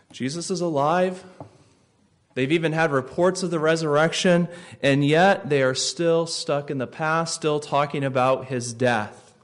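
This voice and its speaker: A male pastor giving a sermon, telling the story vividly and dropping to soft, slow phrases for effect. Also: fairly high pitch, expressive.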